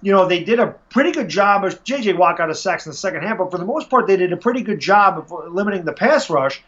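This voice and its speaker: A man's voice: sits high, fast. A man hosting a casual football podcast, getting worked up and acting out what fans and coaches say. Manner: frustrated, animated, acts out fans and coaches. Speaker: sports podcast host. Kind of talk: casual sports chat. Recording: dull lo-fi audio.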